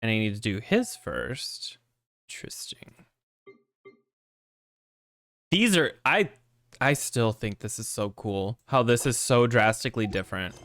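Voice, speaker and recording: Another video game stream features a man with a lowish, fairly bright voice, lively in intonation and normal in pace. He chats casually and profanely, rambling and fumbling the tricky names.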